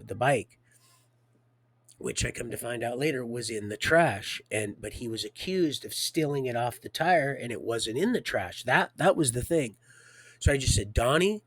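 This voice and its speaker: A middle-aged man telling a rambling personal story on a livestream, halting with many restarts and swinging from quiet to loud. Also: medium pitch, dry recording.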